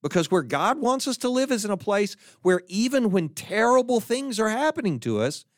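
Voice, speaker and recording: A middle-aged male pastor delivering a sermon in a high, expressive voice that swoops up and down. He acts out little voices when telling stories. The sound is dry and close, with no room echo. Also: normal speed. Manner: animated, acts out voices in anecdotes and jokes.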